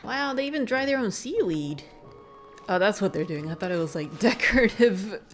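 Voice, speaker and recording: A woman's voice: mid-range voice, lively intonation, moderate pace, faint music behind. A woman streamer giving casual, chatty commentary while playing a video game. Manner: chatty, giggly asides.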